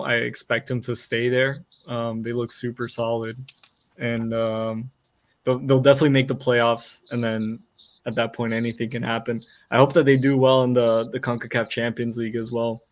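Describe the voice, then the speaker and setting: Flat-voiced man musing over soccer. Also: mid-range voice, normal speed. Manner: hesitant, many fillers and restarts. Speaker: soccer podcast panelist. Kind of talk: casual chat.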